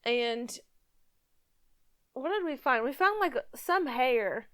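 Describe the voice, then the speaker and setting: A woman retelling her own hunting story on a podcast, with frequent laughs and an animated manner. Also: high-pitched, takes it slowly, clear, resonant tone. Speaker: podcast guest and cohost. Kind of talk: casual storytelling chat.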